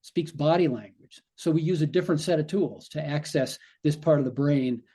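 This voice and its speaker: A man's voice: fairly high pitch, brisk, warm tone, husky. A male physician guest on a podcast, explaining in conversation and acting out the brain's inner voice in quoted asides.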